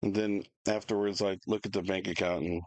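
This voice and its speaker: A man, co-hosting a casual chat, telling an animated, rambling story with restarts and laughs. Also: on the low side, a little fast, dry recording, low-quality recording. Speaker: podcast co-host.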